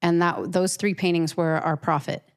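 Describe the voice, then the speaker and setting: A professional artist, a woman with a lower, smooth, resonant voice, tells an interviewer a personal story at normal speed with fairly even intonation. She sounds earnest and emotional, often restarting and repeating words.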